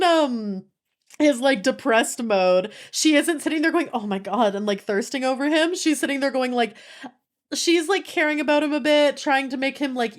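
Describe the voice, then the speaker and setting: A young woman streamer chatting casually with her viewers, gushing and giggling, with lots of "like" in her speech. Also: high voice. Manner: giggly, breaks into laughter. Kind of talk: casual chat with live viewers.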